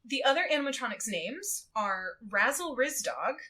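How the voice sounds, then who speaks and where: A woman guesting on a podcast, recapping a book in casual chat, animated and giggly as she tells it. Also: fairly high pitch, moderate pace. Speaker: guest co-host.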